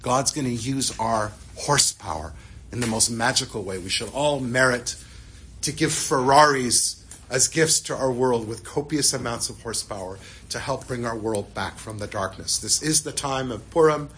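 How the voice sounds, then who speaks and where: Bright-voiced man telling a sermon story. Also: mid-range voice, normal speed. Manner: animated storytelling, drops to hushed tones.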